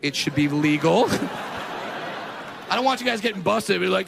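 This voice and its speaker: A stand-up comedian with a high, gravelly voice works a live crowd, brash and self-mocking, and he keeps jumping into loud mock voices. His voice carries a long reverb from the venue. Steady noise sits under the whole set. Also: unhurried, pauses often. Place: comedy stage with a live audience.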